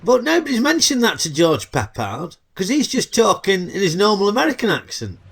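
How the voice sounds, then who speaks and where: A man's voice: high-pitched, big pitch swings, fairly quick, gravelly, fairly bright tone. A middle-aged man with a Yorkshire accent, hosting a chatty, cheeky comedic film review full of dialect banter. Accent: Northern English, Yorkshire.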